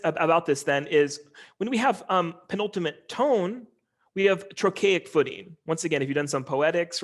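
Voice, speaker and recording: A man giving an informal linguistics lecture over a video call, talking in a relaxed, conversational way with many ums and uhs. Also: fairly high pitch.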